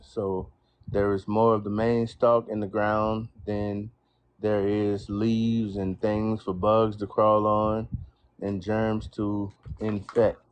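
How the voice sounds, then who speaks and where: A man who is a guest gardener in a casual live-stream chat, speaking in a measured way with "uh" pauses. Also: fairly low pitch, flat delivery, slight background noise.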